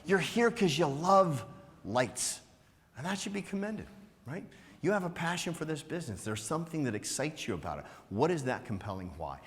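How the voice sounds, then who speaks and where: A man giving a motivational business talk to a live conference audience, energetic and teasing, throwing out rhetorical questions with a frequent "right?". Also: on the high side, moderate pace. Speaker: conference speaker. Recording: long hall reverb.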